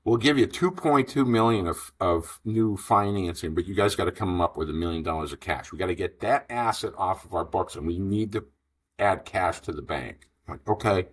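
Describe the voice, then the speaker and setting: Guest, male, 50s, low husky voice, rambling anecdotal storyteller. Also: normal speed. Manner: rambling, animated storyteller acting out dialogue. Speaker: franchise investor guest. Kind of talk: storytelling in a podcast interview.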